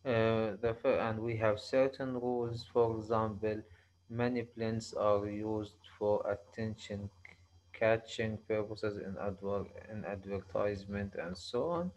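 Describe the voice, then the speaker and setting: A male university lecturer with an Arabic accent, explaining slowly in a halting way, often restarting and repeating himself. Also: fairly low pitch, fairly even intonation, darkish tone, dull audio, a little hiss or hum. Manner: slow, halting explanation with frequent restarts and repetitions. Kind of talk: recorded online lecture.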